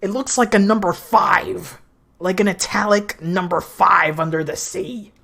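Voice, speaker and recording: A woman in casual let's-play banter, animated and often laughing. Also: medium pitch, unhurried, vocal fry. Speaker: game player.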